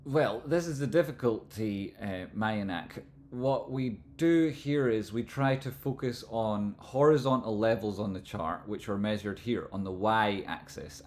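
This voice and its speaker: A man with a Scottish accent hosting a live stream, explaining stock chart analysis in a relaxed, rambling way. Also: on the low side. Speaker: livestream host, trading analyst.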